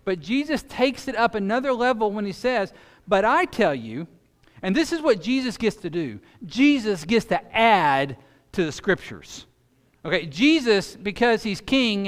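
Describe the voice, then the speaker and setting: A man preaching a sermon as pastor, swinging between loud emphatic stretches and quiet, intense ones. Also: high-pitched, clear, resonant tone. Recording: long reverb of a large hall.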